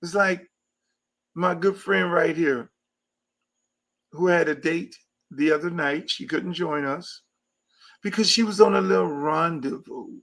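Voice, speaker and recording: A man's voice: fairly high pitch, unhurried, gravelly, pauses often, a bit bright. A man hosting a podcast, giving a blunt, profane casual monologue. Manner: blunt, brash, profane rants. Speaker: podcast host. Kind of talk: casual talk show monologue.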